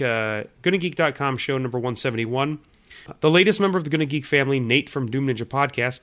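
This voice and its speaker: A man's voice: mid-range voice, a bit bright. A man co-hosting a podcast, reading show listings in an upbeat announcer tone and chatting casually. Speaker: podcast co-host.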